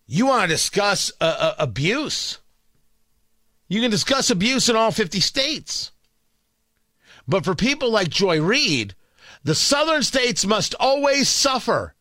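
A man with a New York accent hosts a morning talk radio show. His high voice bounces all over, and he sounds sarcastic and combative as he rambles through his rant. The sound is bright and dry, close up with no room around it. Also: big pitch swings, a little slow, no room sound.

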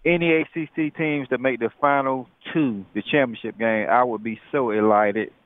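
A man's voice: medium pitch, steady tone, normal speed, no room sound. Man with on phone line. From North Carolina. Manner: hesitant, many fillers, earnest. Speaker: caller.

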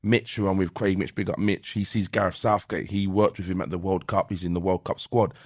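A man, telling animated stories in a casual podcast chat and swearing freely. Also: low-pitched, brisk, dry recording, studio quality. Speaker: guest.

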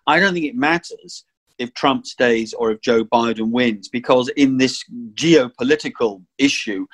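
A man hosting a casual political chat, measured and hesitant, thinking aloud with fillers. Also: mid-range voice. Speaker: podcast host.

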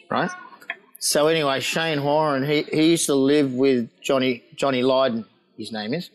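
In poor audio, a medium-pitched Australian man chats casually, spinning rowdy stories. Animated throughout, he swears, laughs, and does the voices of the people he quotes.

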